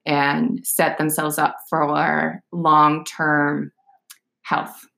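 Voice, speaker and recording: A woman in her thirties talks as a fitness coach in relaxed conversation. Her voice sits a little low, and her explanations ramble with fillers and restarts. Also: extremely slow, vocal fry. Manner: chatty, explains with many fillers. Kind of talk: casual podcast chat.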